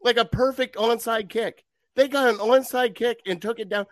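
A man ranting in a worked-up, animated way in a casual sports chat. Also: very high voice, moderate pace.

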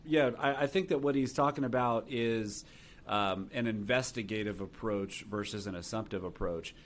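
Low-voiced man with faint background hiss. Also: normal speed. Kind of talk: conversational podcast talk.

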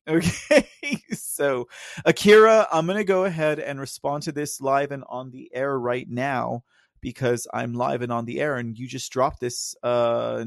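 Here the same kind of Texan-drawling host chats straight to his viewers on a casual live stream, rambling and laughing often. His mid-range voice is creaky, and the recording is dry with clean studio sound.

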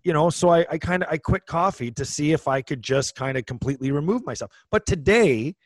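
A former hockey player co-hosts a podcast, telling stories in a rambling, casual chat full of restarts. His voice is fairly high-pitched and animated, his delivery brisk, and the recording dry.

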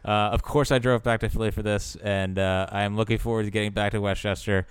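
A man with a low, smooth, resonant voice chatting casually as a sports podcast co-host. He is wry and loops back over his own words while gathering his thoughts. The sound is close and dry. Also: steady tone, fast talker, dry recording.

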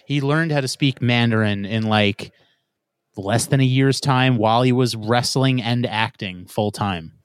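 A man's voice: medium pitch, unhurried, smooth, no room sound, clean studio sound. A man co-hosting a podcast, speaking bluntly and emphatically with swearing. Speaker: podcast co-host. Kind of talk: casual opinion chat.

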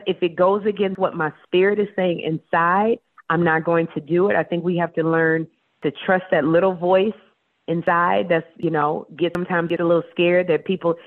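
Animated woman on a tinny phone line. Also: lowish voice, no room sound. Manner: animated storyteller, acts out voices. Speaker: talk show host guest. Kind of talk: casual interview.

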